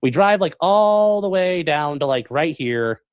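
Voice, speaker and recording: A man streaming, telling a story to his chat in a rambling, animated way, full of fillers and acted-out quotes. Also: fairly high pitch, measured pace, clean tone, no room sound. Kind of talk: casual storytelling to a live chat.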